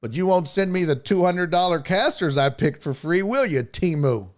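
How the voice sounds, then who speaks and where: Lively profane man ranting on stream. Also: high voice, normal speed. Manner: slips into mocking voices for quotes. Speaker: show host. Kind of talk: casual live-stream rant.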